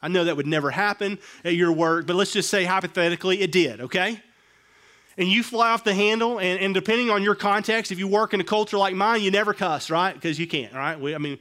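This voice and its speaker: Middle-aged pastor guy preaching, kinda high voice, goes soft then loud and punchy. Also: fairly quick. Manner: dynamic, swings between hushed and raised emphasis. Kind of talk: sermon.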